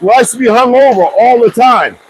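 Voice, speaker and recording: High-voiced rambling man vlogging. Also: fairly quick, slight background noise, poor audio. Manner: loose, rambling, joking asides. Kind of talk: casual rambling chat to viewers.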